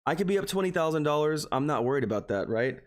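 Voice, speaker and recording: A man's voice: a little high, lively intonation, fast. Rambling man chatting to his stream viewers. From Texas. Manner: rambling, talks straight to his viewers, keeps saying "guys"; earnest and openly emotional. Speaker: stock trading livestreamer. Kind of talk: casual live stream chat.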